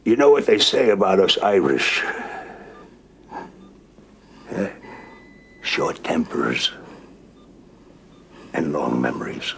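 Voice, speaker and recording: Brief: a deep-voiced stubborn older Irish man, rueful, with a wide-ranging delivery. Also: very animated, slow pace, gravelly, pauses often, a little hiss or hum, full character voice. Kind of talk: scripted TV drama acting.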